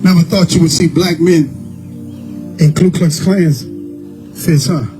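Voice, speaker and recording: A man delivers a fiery street sermon in a high voice, moving between quiet murmurs and shouted pleas. A music bed runs clearly beneath his preaching. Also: steady tone, measured pace. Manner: impassioned, swings from low murmurs to shouted pleas.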